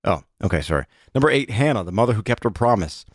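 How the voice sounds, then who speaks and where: Low-voiced man reading a list, halting. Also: sing-song, dry recording, clean studio sound. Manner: halting, reads aloud with many fillers and restarts. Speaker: podcast co-host. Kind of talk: casual chat, reading a list aloud.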